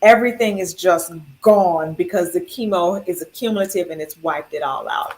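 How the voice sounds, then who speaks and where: A woman telling her health story in casual chat, animated and laughing, acting out quoted dialogue. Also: fairly low pitch, normal speed. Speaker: cancer survivor sharing her story.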